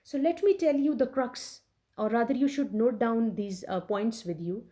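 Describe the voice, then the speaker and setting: A woman teacher giving a recorded English literature lecture to her students, explaining slowly and repeating each point with frequent check-ins. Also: fairly high pitch, warm tone. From Pakistan. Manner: slow, repetitive explaining with many check-ins.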